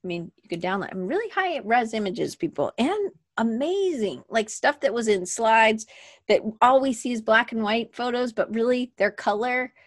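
A woman's voice: on the high side, expressive, normal speed, dry recording, studio quality. A woman hosting a casual livestream from her desk, rambling and chatty, often restarting her sentences. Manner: moves around at her desk. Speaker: podcast host. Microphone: webcam at desk.

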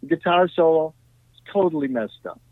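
A man, a guest musician, telling animated stories in a podcast interview, full of "you know" and "right?". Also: on the high side, moderate pace, background noise. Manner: animated, tag questions, frequent "you know". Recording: tinny dry phone-like line.

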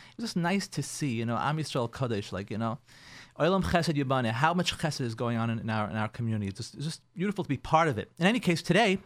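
A rabbi hosts a radio advice show with a voice sitting somewhat high for a man. His pitch swings widely as he talks. He repeats phrases and drops into quick impressions of spouses while counseling couples. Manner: animated, repeats himself, acts out quoted spouses.

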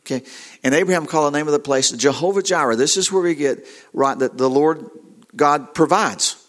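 A middle-aged man preaches a sermon with a slightly high voice. He is earnest and halting, often repeating words as he retells a story.

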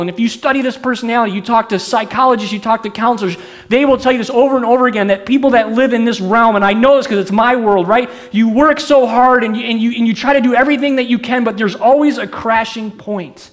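High-voiced man preaching animatedly. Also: fairly quick. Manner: animated, conversational preaching with questions to the congregation. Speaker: pastor. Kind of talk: sermon.

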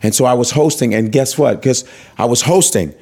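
Speaking briskly in a mid-range, slightly mellow voice, this comedian tells an anecdote as an interview guest. He swears a lot and performs the voices of the people in his story.

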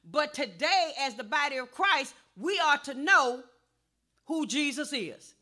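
A woman pastor preaching a sermon, calling for responses and rising to a shout. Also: high-pitched, expressive, unhurried.

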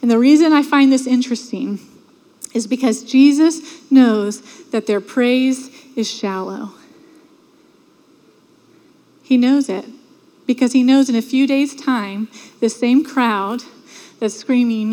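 A woman's voice: on the high side, measured pace, a little mellow. A woman preaching a sermon in a church, talking earnestly and conversationally and acting out the voices of the crowd. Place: church sanctuary. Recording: long hall reverb.

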